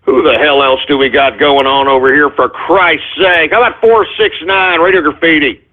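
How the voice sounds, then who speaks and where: Ranting high-voiced man on a tinny line. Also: fairly even intonation, moderate pace, noisy background. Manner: profane, exasperated ranting. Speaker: radio show host. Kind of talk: talk radio hosting, taking voicemails.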